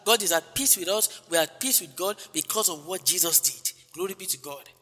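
A man's voice: high-pitched, a little fast, bright, forceful tone, big-room sound, soft background music. A male preacher giving a broadcast sermon, repeating phrases emphatically and dropping in frequent hallelujahs.

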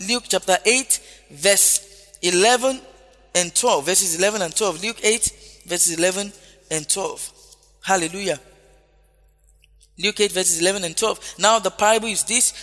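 A man's voice: high-pitched, fairly bright tone. A man preaching a sermon, emphatic, repeating key phrases and calling out hallelujah often. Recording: long hall reverb with faint music.

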